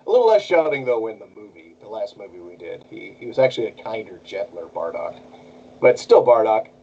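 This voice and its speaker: A man's voice: fairly low pitch, brisk, lo-fi sound, slight background noise. A man who voices cartoons, chatting casually as an interview guest and jumping between bits of character voices. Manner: animated, jumps into character voices. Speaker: voice actor guest.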